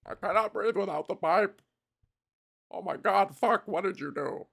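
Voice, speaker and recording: A woman's voice: mid-range voice, unhurried, creaky, breathy edge. A woman voicing a melodramatic, swearing man who is dying after his breathing pipe broke. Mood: dramatic despair. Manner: theatrical, swearing, wailing.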